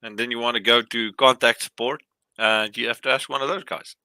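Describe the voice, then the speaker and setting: Bright-voiced man joking as co-host. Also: medium pitch, steady tone, a little fast, smooth, no echo, poor audio. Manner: dry joking. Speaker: podcast co-host. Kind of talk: casual streamed podcast chat. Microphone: remote stream setup.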